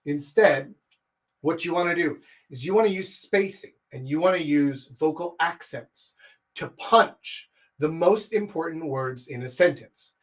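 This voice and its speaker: A man from Texas, in his thirties or older, giving a live-streamed dating coaching talk, animated and blunt, swinging his pitch and volume to show his points. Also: measured pace. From Texas, USA.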